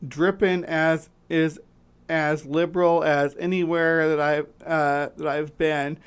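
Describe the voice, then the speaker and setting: A woman's voice: deep voice, steady tone, slow pace, clean tone. A woman hosting a casual livestream chat, rambling and restarting her sentences with lots of fillers. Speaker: livestream host.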